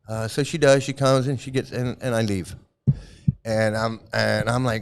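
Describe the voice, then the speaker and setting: A man's voice: medium pitch, level tone, moderate pace, gravelly, clear, resonant tone. A man casually telling a personal story, rambling and chuckling often as he goes. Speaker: former member recounting his experiences.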